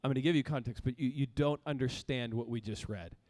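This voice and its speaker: Brief: lively male pastor mid-sermon, storytelling with laughs and shouted emphasis, long reverb trailing behind. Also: mid-range voice, fast talker.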